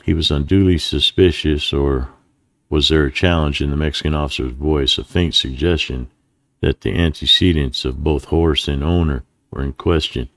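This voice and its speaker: A man narrating a western audiobook in a steady, deliberate reading. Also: extremely low pitch, no echo, clean studio sound.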